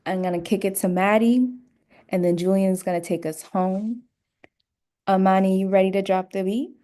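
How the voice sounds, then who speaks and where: A woman's voice: mid-range voice, steady tone, normal speed, mellow. Woman casually hosting an online event. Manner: casual, filler-heavy introductions. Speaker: event host. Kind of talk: hosting a livestream. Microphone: video call.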